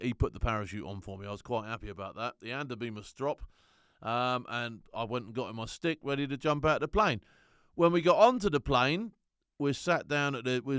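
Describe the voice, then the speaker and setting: A middle-aged man telling animated, slangy stories as a former soldier and laughing often. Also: medium pitch, no echo, clean studio sound. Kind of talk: casual anecdote.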